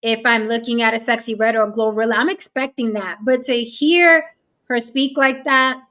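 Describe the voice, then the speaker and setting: A woman hosts a casual podcast, talking bluntly and swearing as she tells a story. Her voice is bright and a little sharp, sitting fairly high. She slips into quoted voices to make her point. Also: normal speed. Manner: blunt, profane, animated storytelling. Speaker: host.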